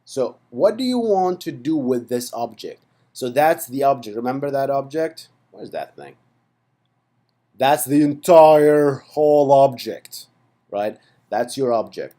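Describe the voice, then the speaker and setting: A man walks through code in a relaxed screencast, talking to himself as he goes. His pitch jumps around a lot, and his voice has a mellow, dark tone. Keys clack under his talk. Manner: chatty, thinks aloud while typing code. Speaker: programming tutor. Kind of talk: casual screencast coding tutorial.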